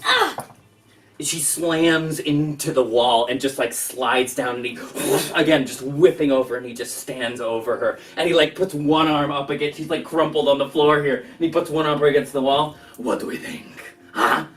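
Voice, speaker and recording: A man's voice: on the high side, moderate pace, hardly any pauses. Man narrating a tabletop game. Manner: descriptive, relaxed with fillers. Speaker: dungeon master. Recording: distant mic with background music.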